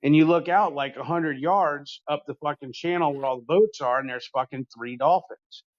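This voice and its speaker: A man's voice: on the high side, normal speed, dull audio. A man hosting a podcast, telling a long story in a rambling, laid-back and foul-mouthed way. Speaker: podcast host. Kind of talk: casual storytelling chat.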